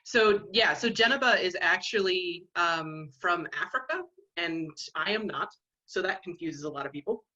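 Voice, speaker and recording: A woman's voice: lowish voice, expressive, moderate pace, pushed and bright. A woman chatting on a video call, speaking with wry, self-deprecating humor. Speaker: fan and soon-to-be minister. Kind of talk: casual chat. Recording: slightly dull video call audio.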